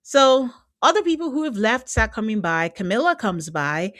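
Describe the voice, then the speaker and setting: A woman's voice: on the high side, big pitch swings, moderate pace, fairly bright tone, dry recording. A woman hosting a podcast, recapping a reality show in a casual, sarcastic way and acting out the cast's lines in little voices. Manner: chatty, sarcastic, acts out quotes in voices. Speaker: podcast host.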